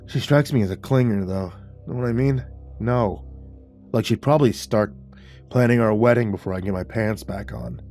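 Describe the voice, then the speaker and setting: A male narrator voicing a smug, crude young man who talks in a low, sneering, dismissive way, over faint music. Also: normal speed, a little mellow, natural voice.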